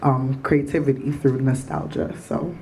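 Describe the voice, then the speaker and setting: A woman's voice: extremely low pitch, steady tone, a little slow, mellow, slight background noise. A young woman from Rochester, New York, introducing herself on a college panel, nervous and full of ums. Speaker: panelist, master's student and business owner.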